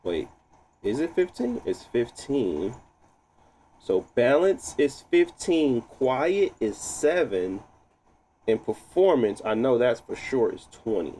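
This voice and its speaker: Guy on a gaming stream talking to himself while tweaking settings, laughs a lot, mellow voice that swings up and down. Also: mid-range voice, big pitch swings, takes it slowly, a little hiss or hum. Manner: thinks out loud, laughs often. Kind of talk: casual live tinkering chat.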